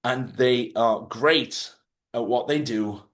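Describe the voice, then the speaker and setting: A man's voice: medium pitch, slow pace, fairly bright tone. A blunt man with an everyday mid-range voice, talking straight to his audience about letting go of the past. He speaks plainly and forthrightly and does not hold back a curse word. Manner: blunt, forthright, swears freely. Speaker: host. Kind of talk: live advice talk. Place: lives in Spain.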